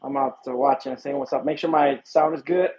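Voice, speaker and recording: A man's voice: medium pitch, steady tone, fairly quick, darkish tone. A man from Illinois, a police detective, chatting casually and laughing easily with viewers on a phone livestream outdoors at night. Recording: dull lo-fi phone stream with background noise.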